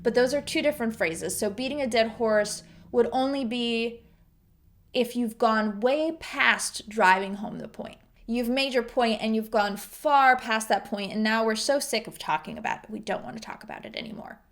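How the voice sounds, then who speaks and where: A woman teaching English idioms to learners, explaining each phrase patiently and clearly and acting out example lines. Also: a little high, moderate pace.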